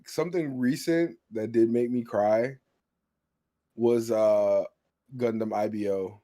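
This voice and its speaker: A young man hosting a podcast, chatting excitably and laughing loudly. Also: medium pitch, takes it slowly. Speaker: podcast host. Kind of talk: casual chat.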